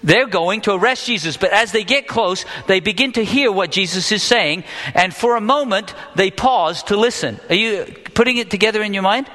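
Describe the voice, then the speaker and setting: A man with a high, bright voice preaches a sermon to his congregation, talking to them casually and asking them questions as he goes. His voice rings out in a hall with a long reverb. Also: moderate pace. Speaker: pastor. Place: church hall with live congregation.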